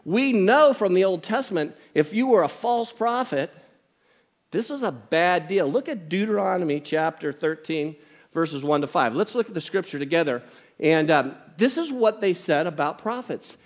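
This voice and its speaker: A man preaching a sermon, telling a humorous story and reading scripture aloud in an animated, conversational way. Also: sits high, moderate pace. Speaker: pastor.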